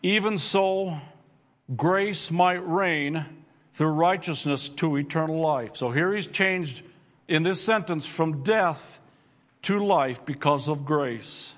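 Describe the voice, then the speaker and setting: A man preaching a sermon to his congregation, reading scripture and explaining it with slow, deliberate emphasis. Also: on the high side. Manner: addresses congregation directly. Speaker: pastor.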